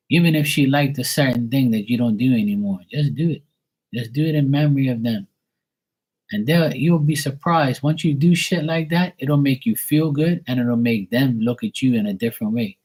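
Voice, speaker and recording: A man's voice: medium pitch, moderate pace, a little mellow, slightly rough, low-quality recording. A man giving a casual live-stream psychic reading, talking bluntly and emphatically with plenty of swearing. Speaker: psychic tarot reader.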